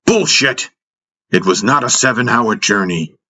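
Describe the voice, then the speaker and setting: A man voicing a furious, idealistic elder brother, a young prince yelling accusations. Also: fairly low pitch, big pitch swings, takes it slowly, slightly rough, pitched above the performer's own voice, heavily acted. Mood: angry yelling.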